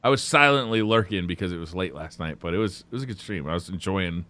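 A man co-hosting a podcast in casual chat, upbeat and quick to laugh. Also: low-pitched, lively intonation, bright, forceful tone. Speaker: podcast co-host.

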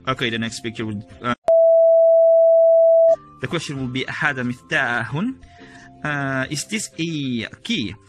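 A man teaching a casual video lesson, explaining step by step and repeating each word slowly. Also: mid-range voice, expressive, over loud music. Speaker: Arabic teacher.

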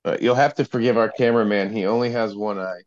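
A man's voice: fairly low pitch, fairly even intonation, fast, a little mellow, dull audio. A young man telling a story in a casual, rambling way full of fillers, heard over a video call. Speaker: panel guest.

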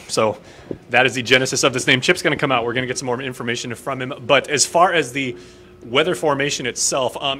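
A man's voice: medium pitch, fairly bright tone, a little hiss or hum. Chatty male local news host. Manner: chatty, joking, many fillers. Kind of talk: casual live news chat.

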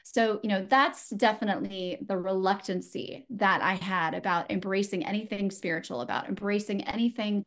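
A woman speaks as a guest, telling a personal story in an earnest, reflective way. Her pitch sits in an ordinary middle range for a woman, and she often pauses, restarts and adds small fillers as she goes. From San Francisco, USA. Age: adult.

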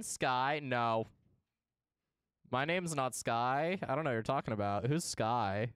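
Young male game streamer, silly and chatty, clean resonant voice, mid pitch. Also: takes it slowly, fairly bright tone, clean tone, no echo, studio quality. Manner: playful and silly, greeting chat in bursts. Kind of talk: casual live-stream chat.

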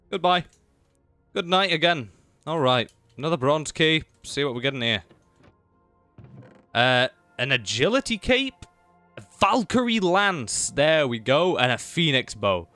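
A young man narrates his game as he plays, excitable and chatty, talking straight to the creatures on screen. His slightly high voice swoops widely, from low mutters up to sudden yelps. Faint music plays behind him. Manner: excitable, talks to enemies and pets, swings from low mutters to high exclamations. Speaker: gaming YouTuber. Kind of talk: live gameplay commentary.

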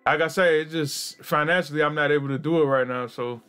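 Excitable high-voiced male game streamer. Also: brisk, clean tone. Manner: excitable, swears a lot, yells at the game. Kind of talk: live gameplay commentary.

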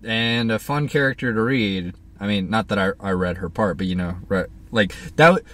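A male podcast co-host with a fairly low voice. He talks in a relaxed way with frequent fillers and also narrates script passages. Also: moderate pace. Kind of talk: casual chat and script narration.

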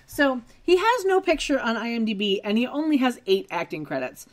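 A woman's voice: on the high side, big pitch swings, fairly quick. A woman co-hosting a podcast, recapping a TV episode in casual chat with wry asides. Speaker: podcast co-host.

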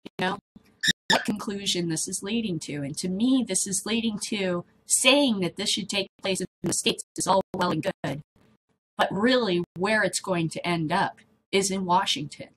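A woman's voice: medium pitch, normal speed, fairly bright tone, a little hiss or hum, rough recording. Chatty woman vlogging, laughing often. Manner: chatty, laughs often, drifts between topics. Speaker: vlog host. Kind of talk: casual rambling chat to camera.

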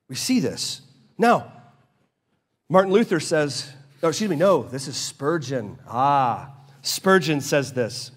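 A man preaching a sermon as pastor, casual and conversational, acting out both sides of dialogues and slowing down to read scripture. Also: fairly high pitch, expressive, husky. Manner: slows down and drops quiet to read scripture.

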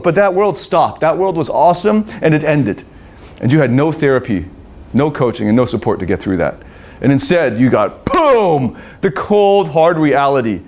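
A man's voice: fairly high pitch, darkish tone. A middle-aged man coaching on relationships in a live seminar, swearing freely and acting out the voices of babies and parents.

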